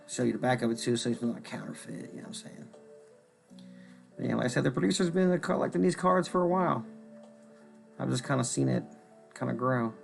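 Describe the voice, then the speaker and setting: Gravelly-voiced man rambling about cards. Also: mid-range voice. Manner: joking, rambling, greets viewers by name. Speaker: host of a card-selling stream. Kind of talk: casual rambling chat while showing cards.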